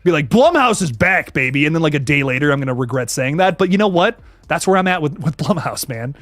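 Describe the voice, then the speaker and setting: A young man hosting a casual horror livestream, slangy and animated, thanking viewers by name as he reads the chat. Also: on the high side, quick pace, no room sound. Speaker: horror channel host reading live chat.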